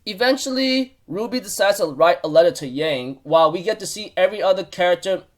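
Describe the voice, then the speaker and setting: A man with a fairly high voice recaps an episode in a loose, chatty way. He rambles, stumbles through restarts and fillers, and now and then breaks into excited outbursts. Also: a little fast. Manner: excitable bursts of enthusiasm. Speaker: YouTube recap host.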